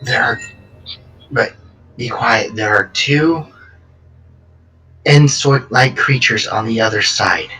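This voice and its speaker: A man's voice: mid-range voice, slow pace, fairly bright tone, slight background noise. A man voicing an invisible young woman adventurer, whispering urgently and stammering as he speaks. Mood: hushed urgent. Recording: distant mic, faint music.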